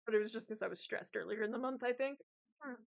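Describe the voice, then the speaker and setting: Talking very fast in a creaky, medium-pitched voice, a young woman streamer rambles to her viewers with lots of fillers and laughs. The chat is casual. The lo-fi audio is slightly dull.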